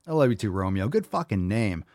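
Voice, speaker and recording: A man's voice: on the low side, sing-song, fairly quick, a little mellow, no room sound, studio quality. Hyped, profane man hosting a Q&A. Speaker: host. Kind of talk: live Q&A show.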